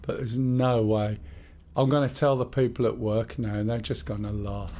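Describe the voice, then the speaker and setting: A man's voice: fairly low pitch, flat delivery, normal speed, dark tone. A man with a Black Country accent chatting casually and rambling to himself while he streams a game. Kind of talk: casual live-stream gaming chat.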